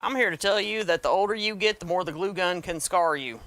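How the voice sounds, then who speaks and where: A woman's voice: fairly low pitch, a little fast, a bit bright, dry recording. A middle-aged woman with a Southern US accent hosting a crafting tutorial, folksy and wisecracking, calling her viewers y'all.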